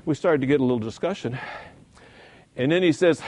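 A man leads a church Bible lesson in a chatty, folksy manner. His pitch moves a lot, and he stretches words out when he wants a point to land. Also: lively intonation, normal speed, long pauses, darkish tone. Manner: conversational, folksy, chuckles at own points. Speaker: Sunday school teacher.

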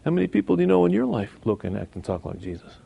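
A man's voice: on the high side, very animated, racing, gravelly, breathy edge, phone-quality sound. A man teaching from the Bible in a folksy, informal way, with asides and mock voices. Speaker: preacher.

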